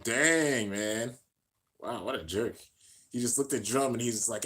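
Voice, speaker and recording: A man giving excited, slangy play-by-play commentary while reacting to an anime, shouting out at the big moments. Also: fairly low pitch, a little slow, long pauses.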